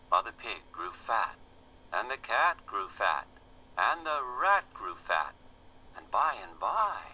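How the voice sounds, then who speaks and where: A man reads a children's fable slowly and expressively, his pitch rising and falling with great animation. His voice is bright and crisp, with a faint hiss behind it. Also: poor audio. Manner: gentle, expressive storybook reading. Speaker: storyteller. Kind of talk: reading a children's fable aloud.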